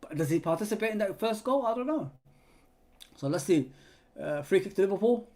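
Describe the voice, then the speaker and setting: Young male fan host, casual watch-along chat with excited play-by-play bursts, higher-pitched voice. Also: a little fast. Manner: chatty, reads viewer comments, bursts of excited play-by-play. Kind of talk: live football watch-along commentary.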